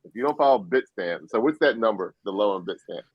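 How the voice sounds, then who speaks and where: A man on a crypto livestream, boastful and animated as he claims he called the market right. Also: fairly low pitch, fairly quick, breathy edge, no room sound, muffled recording. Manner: boastful, animated, laughing at rivals. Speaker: guest analyst. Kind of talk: casual crypto livestream chat.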